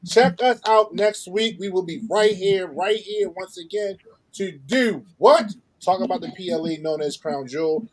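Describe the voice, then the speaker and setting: A man's voice: high-pitched, measured pace. A man with a Baltimore accent co-hosting a podcast, joking and laughing through casual banter and a show sign-off. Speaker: podcast co-host.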